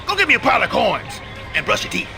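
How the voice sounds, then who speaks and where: A boisterous, brawny game racer who shouts about himself in the third person. The voice sits very high and lively, with a bright, gravelly edge. Game music plays behind him. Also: male voice, quick pace, some chatter behind, full character voice. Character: loud brawny big-brother racer man.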